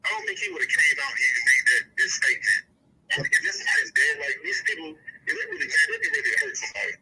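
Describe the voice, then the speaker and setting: A man's voice: wildly swooping pitch, fast talker, gravelly, pushed and bright. A man on a phone call, talking casually and emphatically, rambling as he breaks down his point. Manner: rambling, emphatic, swoops up high when making a point. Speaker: guest commentator.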